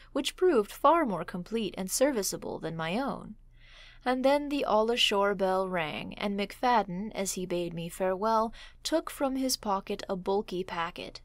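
A woman reading a humorous horror story aloud in calm, even narration. Her pitch sits in the middle, and the recording is close and dry with no room sound. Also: no room sound. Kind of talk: scripted narration.

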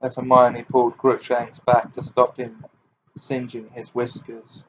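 A man's voice: mid-range voice, monotone, unhurried, dull audio, a little hiss or hum. Man reading a novel aloud. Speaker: audiobook reader.

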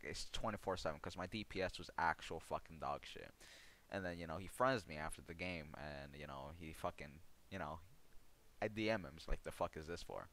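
A man's voice: low-pitched, fairly bright tone. A young man streamer telling a sarcastic, heavily profane story about a gaming rival, mocking him throughout. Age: young adult. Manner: sarcastic, swears constantly.

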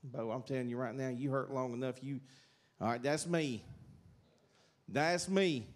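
A man's voice: mid-range voice, measured pace. A middle-aged man with a Southern accent, giving a rambling, folksy testimony in church. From South Carolina, USA. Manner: rambling, folksy, many fillers and restarts. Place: church sanctuary.

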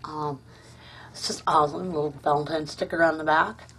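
A woman's voice: sits low, fairly even intonation, normal speed, fairly bright tone, husky. A woman hosting a casual craft vlog at home, gushing and chatty with lots of ums and uhs. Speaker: crafting channel host.

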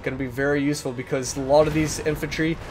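A young man commenting on a strategy game replay, chatty and explanatory, with lots of filler words and sudden excited outbursts. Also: a little high, quick pace, a little hiss or hum.

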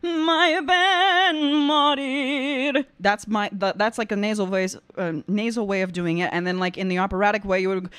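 A young adult woman, an opera singer, giving casual reaction commentary, excitable and gushing at times, and explaining singing technique in a chatty teaching way. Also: medium pitch, soft background music. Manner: excitable, gushing, with quick bursts of praise.

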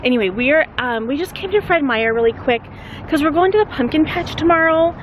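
A woman's voice: high-pitched, animated, a little fast, background noise. A woman in her thirties, a family vlogger, chatting casually and upbeat to a handheld camera and laughing often. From United States.

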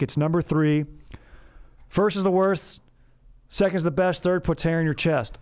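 A man hosting a comedy podcast, rambling in slangy, laid-back banter. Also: fairly high pitch. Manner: slangy, rambling, says dude a lot. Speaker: podcast host.

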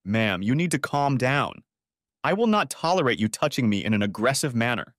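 A man voicing a calm, firm male deputy sheriff in a storybook reading. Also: medium pitch, no echo, studio quality, natural voice. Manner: measured, firm.

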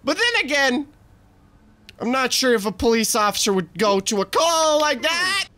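A man's voice: extremely high pitch, big pitch swings, moderate pace. Frustrated gamer guy swearing at the game. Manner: frustrated, swearing, talking to himself and shouting at the game. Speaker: let's play host. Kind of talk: gaming commentary.

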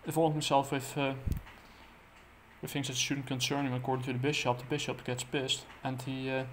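Hesitant man recapping a comic, monotone. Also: medium pitch, slight background noise. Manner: halting, full of "uh" fillers and restarts. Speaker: comic book reviewer. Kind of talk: casual plot recap.

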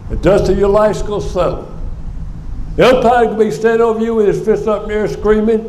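An older man preaching a sermon in a church, telling a story with animated energy. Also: high voice, a little fast. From United States. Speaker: guest speaker. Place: church sanctuary. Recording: echoey church sanctuary.

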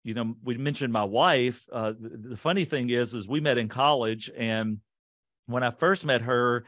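A man in a podcast interview, recounting his own past with animated, self-mocking energy. His voice sits at an ordinary middle pitch and speeds up in bursts as he retells what was said. The recording is close and dry, with no room sound. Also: dry recording. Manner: animated, self-deprecating storyteller; quick, lively retelling with voiced quotes. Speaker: podcast guest. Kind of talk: casual storytelling interview.

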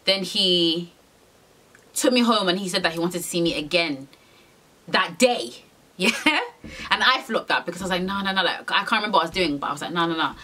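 A woman's voice: fairly low pitch, a little fast, pauses often, sharp tone. A young woman telling a frank, rambling storytime to camera, swearing freely and using lots of slang. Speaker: vlogger.

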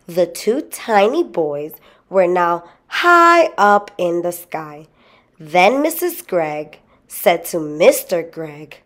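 A woman reading a children's story aloud in a slow, expressive way. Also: on the low side. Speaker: storybook reader.

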